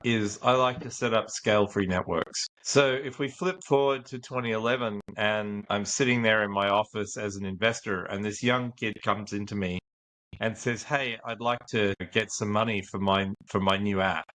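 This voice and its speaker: A man's voice: fairly low pitch, fairly even intonation, moderate pace, a bit bright, poor audio. A man, an investor guest, telling a story in an interview and acting out the quoted dialogue. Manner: acts out quoted dialogue in anecdotes.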